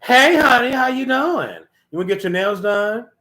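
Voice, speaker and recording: A two-faced gossiping woman, put on by a man mid-talk, pitched well above his usual voice. She sounds sugary to a friend's face and spiteful behind her back, mocking and petty. The voice comes from a casual preaching video. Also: animated, normal speed, sharp tone, exaggerated voice. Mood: fake-sweet.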